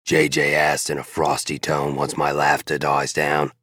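A man's voice: very deep voice, monotone, measured pace, sharp tone, husky, dry recording, clean studio sound. A man narrating a romance audiobook in the first person, blunt and swearing freely.

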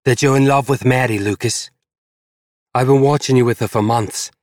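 A man's voice: medium pitch, moderate pace, no echo, clean studio sound, voice pushed up, natural voice. A man putting on a furious petite young woman. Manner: spitting words through gritted teeth.

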